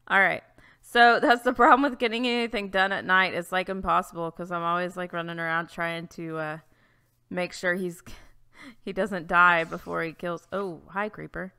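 A woman's voice: fairly low pitch, steady tone, moderate pace, bright, forceful tone, smooth. A woman hosting a let's-play, chatting casually through her gameplay, easily flustered and full of exclamations and restarts.

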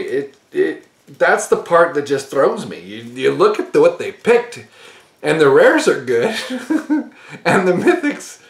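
A man's voice: a little high, creaky, echoey room. A man hosting a card-opening channel, giving his opinion in a casual, rambling way, breaking into laughter often and restarting his sentences.

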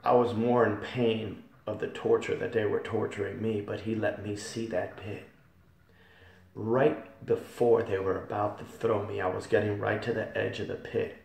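A man with a low, gravelly voice delivers a fervent church testimony, repeating phrases and building to loud peaks. He sounds distant, his voice ringing around an echoey hall. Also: level tone, normal speed. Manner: fervent, repetitive, swells loud on key phrases. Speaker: testimony speaker.

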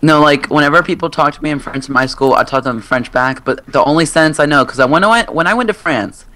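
A woman's voice: sits low, quick pace, a bit bright. A teenage girl chatting casually and giggling while playing a game. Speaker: gamer. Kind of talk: casual gaming chat.

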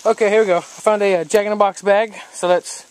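A man's voice: high-pitched, steady tone, fast talker, slight background noise. A man talking casually in a rambling home vlog, repeating himself and saying "y'all" a lot. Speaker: vlogger. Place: outdoors in hot weather.

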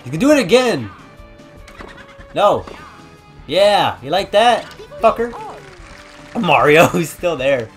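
A young man shouts and curses his way through let's-play commentary, trash-talking the game. His voice sits high and leaps around in pitch. Faint game music plays behind him. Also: big pitch swings, slow pace, pauses often. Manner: loud, swearing, trash-talking, yelling at the game. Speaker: gaming YouTuber.

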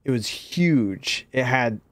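A man chatting easily while playing a game alongside a friend, in a relaxed and talkative way. His voice sits at a middle pitch and is recorded close and dry, with no room sound. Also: takes it slowly, dry recording. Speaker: guest streamer. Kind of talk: casual gaming chat and storytelling.

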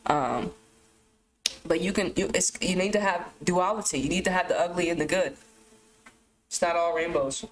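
A woman's voice: on the low side, normal speed, pauses often, low-quality recording. Profane, rambling woman vlogger. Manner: rambling, profane, animated outbursts. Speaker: YouTube vlogger. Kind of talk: casual monologue to camera.

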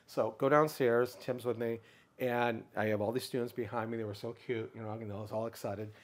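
A middle-aged man telling a long personal story in a casual interview, animated, and briefly raising his voice to act out what others said. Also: a little fast. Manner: animated storyteller, acts out others' lines in a raised pitch. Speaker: guest speaker.

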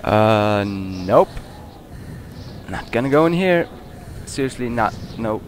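A man who is a bit sick, giving excitable let's-play commentary and swearing often. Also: fairly low pitch, slow. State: sick, coughing. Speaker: gamer. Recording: noisy game audio.

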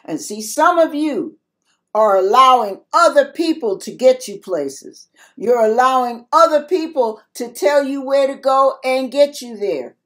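A woman's voice: sits high, expressive, measured pace. An older woman giving a spoken devotional sermon to her viewers, emphatic and repetitive as she exhorts them. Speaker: christian video preacher.

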